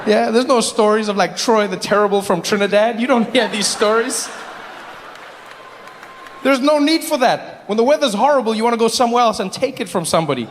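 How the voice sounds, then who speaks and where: A male stand-up comedian performing an animated, mocking routine live on stage. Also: sits high, fairly quick. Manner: animated, mocking, rising to shouts. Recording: reverberant theater with faint noise.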